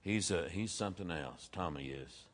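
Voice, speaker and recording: A middle-aged man delivering a sermon, with a somewhat low voice. He tells stories earnestly, dropping to quiet asides and then rising loud on the points he wants to stress. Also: lively intonation, moderate pace. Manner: storytelling preacher, earnest, varies loudness for emphasis. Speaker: pastor.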